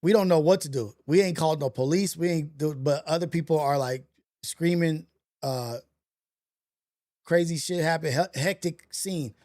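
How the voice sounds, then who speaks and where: A man with a fairly high voice tells a story on a casual livestream. His talk is loose and slangy, full of restarts and fillers. He sounds like a streamer talking into his phone at home. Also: moderate pace, a little mellow. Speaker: livestream host. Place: home setup for a portrait livestream.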